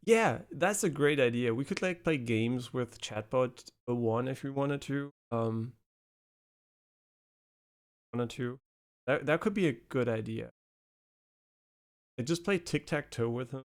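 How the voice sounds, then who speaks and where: A man's voice: medium pitch, measured pace, pauses often. A man streaming a video game live, chatting casually with many fillers and swear words.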